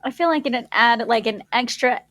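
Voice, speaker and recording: A woman's voice: on the high side, moderate pace, a bit bright, no room sound. Cheeky woman podcast co-host. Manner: playful, cheeky. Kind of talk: casual podcast banter.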